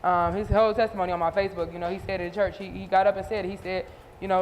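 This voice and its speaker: A woman interviewing a singer in casual chat, telling stories with lively, animated delivery. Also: medium pitch, rapid-fire, hardly any pauses, long reverb tail, a little hiss or hum. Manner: animated storytelling, voices others. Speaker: interviewer and showcase host.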